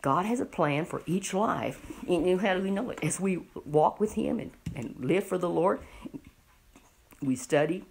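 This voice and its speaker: Gravelly-voiced woman telling a Bible story. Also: lowish voice, normal speed. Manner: animated, keeps asking the listener questions.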